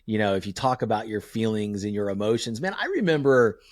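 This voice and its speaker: A man hosting a podcast, talking candidly and telling family stories in an animated way, swearing freely. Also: lowish voice, a little fast, dry recording, clean studio sound. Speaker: podcast host. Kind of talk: casual podcast conversation.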